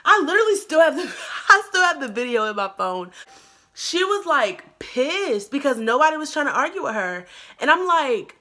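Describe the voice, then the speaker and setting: A young woman recounts a school story in casual, slang-filled chat. Her voice is bright and a little high. She acts out the quotes with punch. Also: moderate pace. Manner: animated, acts out quotes in a louder voice; slangy, lots of "like" and "bro". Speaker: YouTuber.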